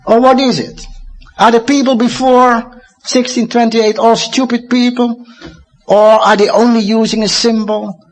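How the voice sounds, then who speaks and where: A Dutch man in his fifties giving a lecture, talking emphatically and swinging from excited high bursts to low, quiet asides. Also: measured pace. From Netherlands. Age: 50s.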